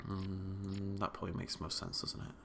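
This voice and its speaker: A man's voice: deep voice, monotone, normal speed, vocal fry, fairly bright tone, slight background noise. A man hosting a video game let's play, giving casual, playful commentary and chatting to the characters on screen.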